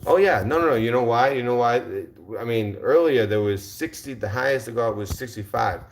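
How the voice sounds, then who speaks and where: A livestream host with a mid-range voice talks fairly quickly as he rants heatedly and confrontationally at viewers in the chat, swearing and repeating rhetorical questions.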